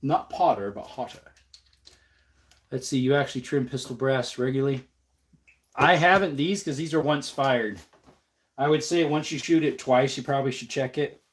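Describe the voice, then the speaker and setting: Young male streamer, congested and sniffling, relaxed casual chat in an ordinary mid-range voice. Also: medium pitch, normal speed. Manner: easygoing, reads chat aloud and answers. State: stuffed-up nose, sniffling. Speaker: livestream host. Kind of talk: casual livestream chat while working.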